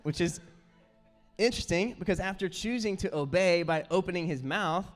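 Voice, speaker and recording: A man preaching a sermon as pastor, telling stories in an earnest, animated way. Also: sits high, fairly quick. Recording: roomy hall with faint music.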